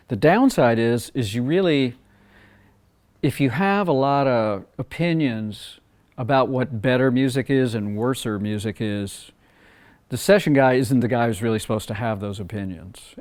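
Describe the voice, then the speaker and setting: Man from Mississippi telling studio stories. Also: medium pitch. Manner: relaxed, rambling, acts out quoted dialogue. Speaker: record producer and former session guitarist. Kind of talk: casual interview storytelling.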